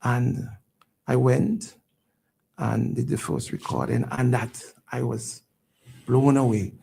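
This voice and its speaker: Man, radio station owner, guest slot; very gravelly and husky, mellow tone; halting, repeats himself when moved. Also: mid-range voice, fairly even intonation. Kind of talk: emotional personal storytelling.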